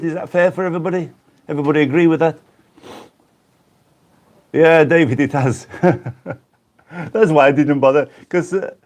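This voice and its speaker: A man's voice: fairly high pitch, darkish tone. A man from the Black Country of England, hosting a casual live stream and chatting in a rambling way with viewers he greets by name.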